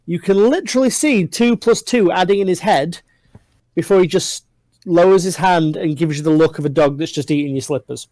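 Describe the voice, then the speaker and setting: A man's voice: sits high, fairly quick, darkish tone, no echo, rough recording. Male game master for an online tabletop session, rambling descriptive narration, dry close mic. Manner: descriptive, loose narration with frequent fillers.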